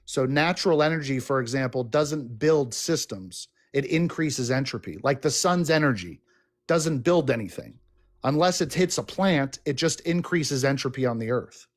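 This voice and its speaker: A man's voice: mid-range voice, expressive, moderate pace. A man calling into a debate stream, confident and argumentative as he explains his view. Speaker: caller. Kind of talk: casual debate.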